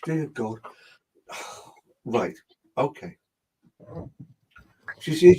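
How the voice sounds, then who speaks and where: A man's voice: on the high side, measured pace, poor audio. A man giving a psychic reading, rambling as he relays what a spirit tells him. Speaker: medium.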